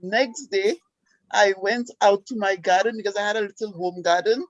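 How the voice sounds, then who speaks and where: A woman from Saint Lucia with a Saint Lucian accent, calling in and telling her story in an excited, chatty way with lots of fillers. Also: medium pitch, moderate pace, no echo, muffled recording. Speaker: caller. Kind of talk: casual call-in chat.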